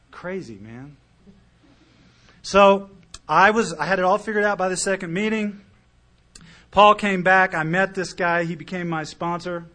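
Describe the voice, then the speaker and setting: A middle-aged man speaking to a meeting about his recovery, telling his story earnestly and emotionally, with loudness that rises and falls. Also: on the high side. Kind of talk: recovery talk to a live audience.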